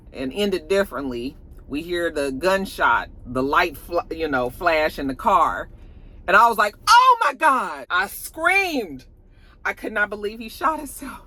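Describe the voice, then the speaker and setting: Casual video reviewer recapping a TV episode with big, animated reactions. The voice is bright and forceful, and the talk is loose and full of swearing. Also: mid-range voice. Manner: animated, expressive, swears freely. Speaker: TV show reviewer.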